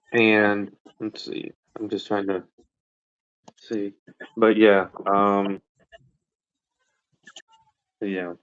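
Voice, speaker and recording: Man, shy, hesitant, low voice, dry dull lo-fi recording. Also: fairly bright tone, clear, resonant tone. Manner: shy, hesitant, many fillers. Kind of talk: casual language-exchange chat.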